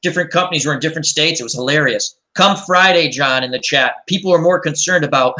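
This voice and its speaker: A man's voice: fairly high pitch, quick pace, pushed and bright. A man hosting a casual chat and telling rambling, anecdotal stories. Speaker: host.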